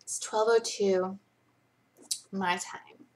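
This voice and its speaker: A young woman hosts a casual late-night live Q&A from home, chatty, rambling, and often poking fun at herself. Her medium-pitched voice holds a steady tone and moves extremely slowly.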